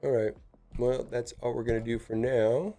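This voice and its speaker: A man streaming a mobile game, chatting casually with viewers in a rambling, stammering way that bursts into loud exclamations. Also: mid-range voice, steady tone, moderate pace, soft background music.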